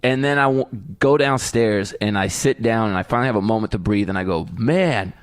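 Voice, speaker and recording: A man co-hosting a parenting podcast, a father who tells stories in an animated way. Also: fairly low pitch, fast talker, clear, resonant tone, no echo, clean studio sound. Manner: animated storyteller, jumps into voices when quoting. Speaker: podcast co-host. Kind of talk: casual chat.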